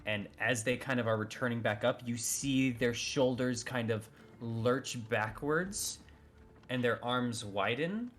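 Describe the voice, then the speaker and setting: A man's voice: mid-range voice, a little slow, fairly bright tone, faint music behind. A man narrating as game master in a tabletop game, loose and hedging, full of "kind of".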